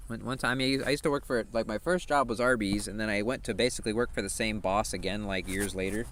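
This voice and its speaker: A man's voice: fairly low pitch, fairly even intonation, fast talker, a bit bright, a little hiss or hum. A man streaming a game and chatting casually, telling rambling stories full of profanity. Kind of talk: casual chat while gaming.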